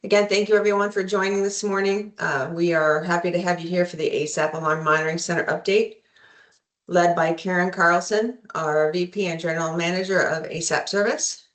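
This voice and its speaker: A woman opens a webinar over a video call, welcoming attendees and covering the housekeeping notes. Her voice sits a little low for a woman, and her delivery is polite and orderly with the occasional um. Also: steady tone, a little fast, a bit bright. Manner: polite, scripted-sounding welcome with some ums. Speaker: webinar moderator. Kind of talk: webinar introduction.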